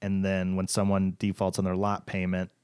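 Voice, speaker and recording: A man's voice: low voice, monotone, normal speed, a little mellow, clean tone, no echo, clean studio sound. A man co-hosting a podcast in casual chat, talking loosely with lots of hedges and fillers. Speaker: podcast co-host.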